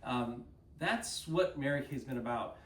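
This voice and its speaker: A man in his fifties from Texas with a Texan accent, telling animated folksy stories and saying y'all to his audience. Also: mid-range voice, measured pace. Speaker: guest speaker. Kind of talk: casual storytelling talk. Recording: roomy, distant mic with faint noise.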